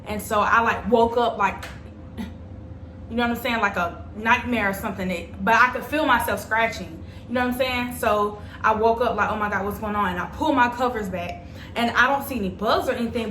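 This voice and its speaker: A woman's voice: a little high, a little fast, sharp tone, a little hiss or hum. Chatty young woman in an echoey room. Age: young adult. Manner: chatty, dramatic storyteller speaking straight to viewers. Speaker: vlogger. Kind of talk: storytime vlog.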